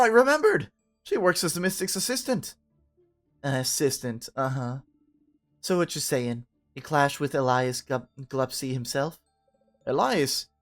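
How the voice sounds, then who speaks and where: A man's voice: on the high side, natural voice. A man voicing a chatty folksy camp mother. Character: gossipy folksy middle-aged camp mother.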